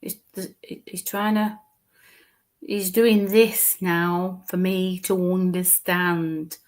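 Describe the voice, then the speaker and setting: During a live mediumship reading, a woman speaks at a middling pitch with fairly even intonation. She falters and restarts, repeating words as she describes what she sees, and now and then sinks into quiet murmurs.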